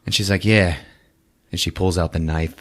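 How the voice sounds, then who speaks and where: A man hosting a podcast, recapping a film as a casual, profane, animated storyteller. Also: low-pitched, fast talker.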